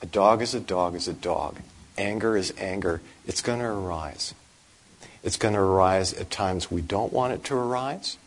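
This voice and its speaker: A male monk giving a dharma talk in a low, husky voice. He paces his words slowly and deliberately, with dry, wry humor. His voice stays slightly breathy throughout. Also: poor audio. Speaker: Buddhist monk teacher.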